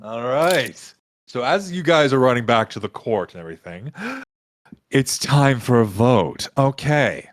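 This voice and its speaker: Male game master, casual and relaxed, lively pitch. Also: unhurried. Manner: casual, laid-back. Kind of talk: narrating a tabletop game.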